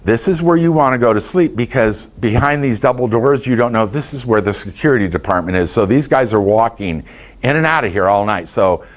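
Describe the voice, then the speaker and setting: A man voicing a calm, helpful male airline ticket agent in a story, with a patient, reassuring manner. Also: mid-range voice, brisk, natural voice.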